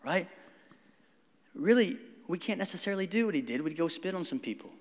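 A man, a pastor preaching a conversational, animated sermon and acting out quotes. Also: sits high, a little fast, in a large hall.

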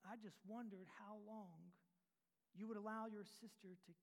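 A preacher voicing a kindly grandmother from a story, speaking softly and gently. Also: mid-range voice, fairly even intonation, measured pace, creaky. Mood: gentle. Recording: long reverb of a large room.

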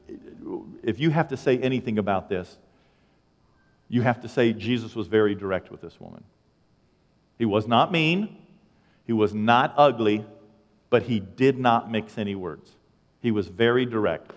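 A man preaching a sermon as pastor, acting out dialogue with lively asides. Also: lowish voice, a little slow, long pauses, in a large hall. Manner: animated, acts out dialogue, self-deprecating asides. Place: church sanctuary.

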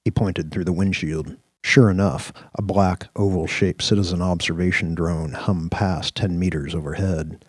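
A man narrating a science-fiction radio story in a measured, descriptive way. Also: sits low, fairly even intonation, slightly rough, no echo. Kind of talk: scripted audio-drama narration.

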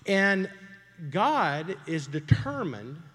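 A man's voice: on the high side, very animated, very slow, fairly bright tone. A middle-aged man preaching a sermon in a folksy, conversational way, telling a story and asking the congregation questions. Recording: long hall reverb.

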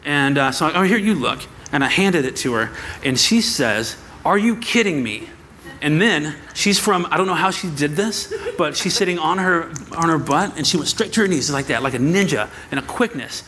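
A man's voice: on the high side, normal speed, few pauses, slight background noise. A man, preaching a personal story to his congregation and acting out the voices in it. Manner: animated storytelling, acts out quoted voices. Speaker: pastor. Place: church sanctuary.

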